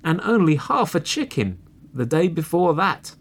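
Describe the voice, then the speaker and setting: Guy doing whiny little fox cubs begging their dad, high squeaky storybook voices. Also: big pitch swings, a little slow. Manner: whining, high-pitched.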